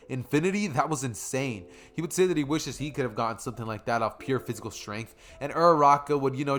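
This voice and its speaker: A man's voice: mid-range voice, a bit bright. A young man casually retelling his own fan story, rambling, slangy and correcting himself as he goes.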